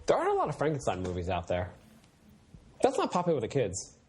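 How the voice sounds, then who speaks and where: A man co-hosts a podcast, chatting casually and rambling with lots of fillers, and he acts out silly voices when retelling scenes. His mid-range voice is fast and darkish with huge pitch swings, and faint music plays behind him.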